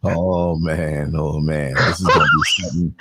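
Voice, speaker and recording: A man's voice: a bass voice, steady tone, moderate pace. A man from New York City hosting a podcast, joking and teasing his co-host in casual banter. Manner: joking, teasing, laughs a lot. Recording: loud background noise.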